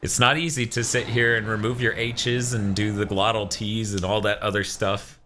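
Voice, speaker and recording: A man reads viewer messages aloud on a casual gaming stream and tosses in quick jokes between them. His voice is bright and a little sharp, with a faint hiss under it. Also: lowish voice, level tone. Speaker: stream co-host reading chat.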